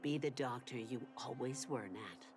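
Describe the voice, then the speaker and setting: An actress voicing a gentle, loving old mother in a video game, speaking slowly and tenderly. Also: very deep voice. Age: older. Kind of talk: game voice acting. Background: game music.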